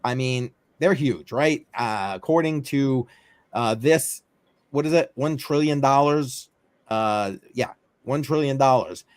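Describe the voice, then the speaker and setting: A man's voice: medium pitch, slow, dry recording. Rambling man hosting a crypto chat. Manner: rambling and offhand, many fillers. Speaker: host of a crypto news livestream. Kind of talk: casual talk-show chat.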